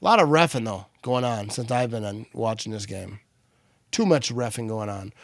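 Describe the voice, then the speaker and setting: A man hosting a live game watch party, switching between excited play-by-play calls and relaxed chat. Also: lowish voice, normal speed, no room sound, clean studio sound. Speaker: livestream watch party host.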